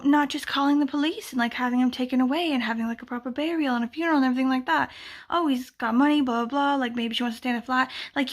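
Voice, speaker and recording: A woman vlogging casually about books, rambling and chatty and full of fillers, talking from home. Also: high-pitched. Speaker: book vlogger, readathon co-host. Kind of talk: casual chat to camera.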